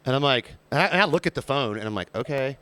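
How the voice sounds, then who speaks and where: A man co-hosting a podcast, teasing and cracking jokes in quick banter. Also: mid-range voice, lively intonation, a bit bright, smooth. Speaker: podcast co-host and server. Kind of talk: casual chat.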